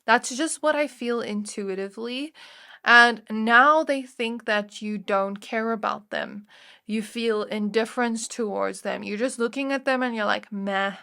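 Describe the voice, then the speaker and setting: A woman's voice: on the high side, measured pace, gravelly, sharp tone. A woman giving a casual pick-a-card tarot reading, speaking straight to the viewer in a chatty way with many fillers. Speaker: tarot reader.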